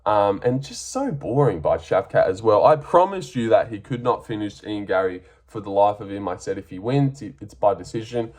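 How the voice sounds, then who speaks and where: A man's voice: lowish voice, lively intonation, normal speed, few pauses, darkish tone. A young Australian man giving a casual, blunt and profane breakdown of fights, sarcastic and full of ums. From Western Australia. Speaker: MMA fight reviewer.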